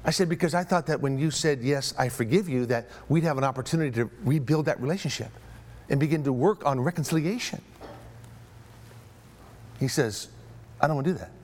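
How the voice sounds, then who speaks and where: A man's voice: mid-range voice, fairly quick, long pauses, a little mellow, slight background noise. A middle-aged man, a pastor, telling a story in a sermon, acting out both sides of a phone call and stammering when he gets worked up.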